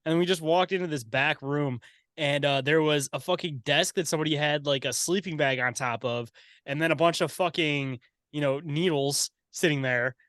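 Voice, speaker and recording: Laid-back man saying "bro," slightly high voice. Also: moderate pace, a bit bright, no echo, clean studio sound. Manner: laid-back, swearing, says "bro" often. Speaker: podcast guest. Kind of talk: casual chat.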